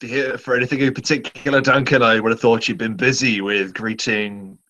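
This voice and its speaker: A man's voice: mid-range voice, steady tone, a little fast, pushed and bright, muffled recording, natural voice. A man voicing a busy quartermaster who asks polite, mildly suspicious questions. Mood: curious. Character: busy male quartermaster in a leather apron.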